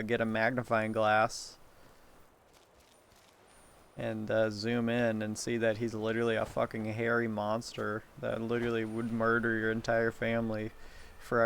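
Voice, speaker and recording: A man's voice: medium pitch, fairly bright tone, a little hiss or hum. A man talking in a rambling solo monologue, meandering and profane, with frequent laughs and restarts.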